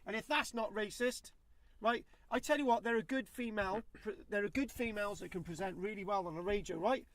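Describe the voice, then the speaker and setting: A man's voice: high-pitched, fairly quick, fairly bright tone, dry recording. A man co-hosting a podcast, ranting in casual opinionated chat and tagging his points with "right?". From England. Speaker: podcast co-host.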